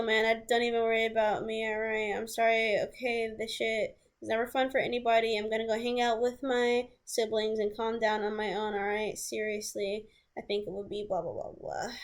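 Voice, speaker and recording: A woman telling a personal story in a vlog, blunt, profane and candid. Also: on the high side. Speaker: vlogger.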